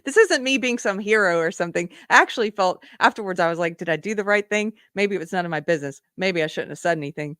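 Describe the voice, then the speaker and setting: A woman's voice: fairly low pitch, fast talker, hardly any pauses, fairly bright tone, no room sound, clean studio sound. A woman hosting a live show, telling a personal story in an earnest, conversational way with frequent restarts. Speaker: podcast host. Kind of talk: casual live-stream monologue.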